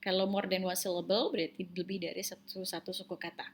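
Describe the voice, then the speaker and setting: A woman's voice: fairly low pitch, little pitch movement. Indonesian woman teaching English pronunciation. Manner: mixes Indonesian into English, hesitant fillers, drawn-out model words. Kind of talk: online pronunciation lesson.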